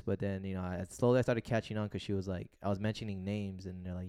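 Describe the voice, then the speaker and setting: A man's voice: low voice, flat delivery, quick pace, warm tone, no room sound, clean studio sound. A young man co-hosting a podcast, telling a long story in a loose, rambling way full of fillers and swearing. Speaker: podcast co-host. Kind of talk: casual chat.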